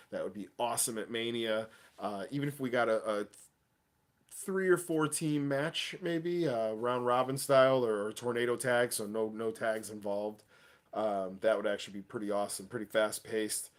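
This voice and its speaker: A man hosting a casual wrestling livestream, talking excitedly in slangy chat and laughing often. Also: medium pitch. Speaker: wrestling show host.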